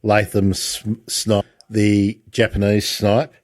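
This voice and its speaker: Older aussie host, friendly and chatty, asks lots of questions. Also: male voice, on the low side, monotone, takes it slowly, a little mellow. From Australia. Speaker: podcast host. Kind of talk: casual interview talk.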